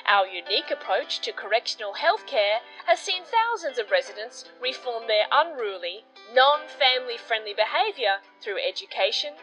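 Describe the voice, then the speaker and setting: A woman voicing a deadpan, polished phone hold-message announcer. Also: a little high, normal speed, hardly any pauses, low-quality recording. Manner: polished, deadpan advert delivery. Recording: hold-message audio over guitar music.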